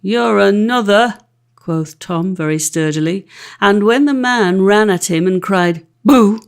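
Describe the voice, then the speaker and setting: A woman narrating a classic fairy-tale audiobook with an expressive, lively reading. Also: lowish voice, measured pace. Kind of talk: storybook narration.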